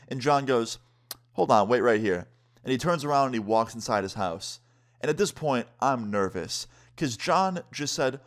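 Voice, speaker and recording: A young man telling a casual storytime as a vlogger, chatty, full of fillers, acting out what others said. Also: mid-range voice. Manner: acts out quotes of others.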